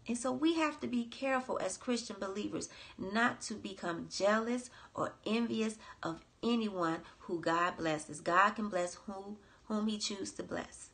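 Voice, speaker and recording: A woman's voice: mid-range voice, a little slow, hardly any pauses, a bit bright. A woman coach and podcast host giving earnest devotional Bible teaching, repeating phrases for emphasis.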